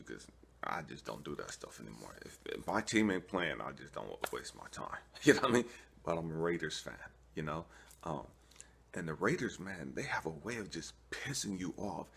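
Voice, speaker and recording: A man's voice: rumbling low, creaky, husky. A man from California preaching casually to camera, telling stories with street slang and acting out both sides of a conversation. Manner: animated storytelling, acts out both sides of a talk; streetwise slang, keeps asking "you know what I mean". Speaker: online preacher.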